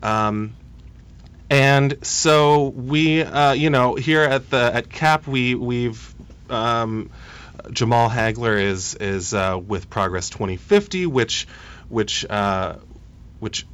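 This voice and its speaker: A man in his thirties appears as a policy guest in a radio interview, his smooth, resonant, mid-range voice carrying a slight brightness. He speaks hesitantly and haltingly, often stopping and restarting sentences as he hunts for words.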